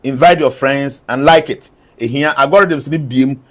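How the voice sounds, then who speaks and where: At a moderate pace and in a mid-range voice, a man lays out numbered prophecies about the future. Each one gets repeated, and he moves back and forth between English and a local language with side remarks.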